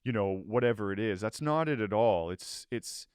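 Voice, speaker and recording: A man in his forties hosting a casual podcast chat in a living room, telling stories in a lively way and acting out what other people said. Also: fairly low pitch, moderate pace, clear, resonant tone, dry recording, clean studio sound. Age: 40s. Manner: animated storyteller who acts out other people's lines. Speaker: podcast host.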